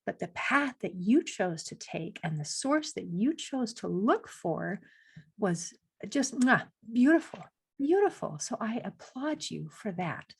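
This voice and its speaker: Effusive woman host with a husky voice. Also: mid-range voice, big pitch swings, slow. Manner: effusive and encouraging. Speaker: podcast host. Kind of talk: conversational interview.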